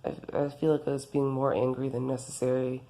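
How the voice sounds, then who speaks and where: A woman's voice: rumbling low, level tone, fairly quick, dark tone. A woman voicing an awkward young man who hesitantly admits he was too harsh. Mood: sheepish. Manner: hesitant, apologetic.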